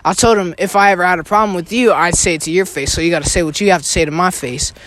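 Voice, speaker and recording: A man's voice: sits high, rapid-fire, fairly bright tone. A teenage boy ranting profanely in a casual podcast chat with friends. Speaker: podcast host.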